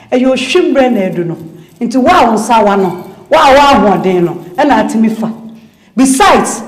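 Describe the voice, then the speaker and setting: A woman acting in a comedy skit, scolding and bossing people around in an animated way. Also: sits high. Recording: echoey room with music behind.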